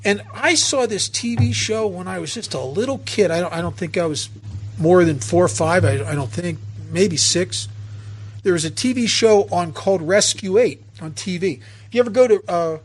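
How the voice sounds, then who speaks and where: A man's voice: sits high, husky. A man speaking at a recovery meeting, telling stories from his own life in an earnest way with many restarts. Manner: earnest, storytelling, frequent restarts. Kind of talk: personal talk at a meeting.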